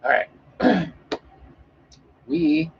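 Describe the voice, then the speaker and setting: A man's voice: on the high side, expressive, extremely slow, highs cut off, a little hiss or hum. A man chatting casually with an audience as a streamer, rambling and joking with frequent swearing and fillers.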